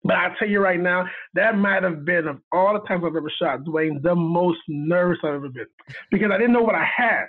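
A man, a video director, tells a story in casual chat, animated and laughing as he acts out what people said. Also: high voice, brisk. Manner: animated, laughing retelling with quoted dialogue. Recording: tinny phone line.

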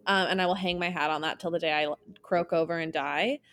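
A woman's voice: fairly low pitch, steady tone, quick pace, a bit bright. Chatty young woman, laughing often. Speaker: podcast co-host. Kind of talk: casual chat.

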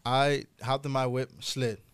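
A young man tells a wild story in casual podcast talk, unhurried and smooth, with no echo. He swears freely and gets loud and high-pitched when excited.

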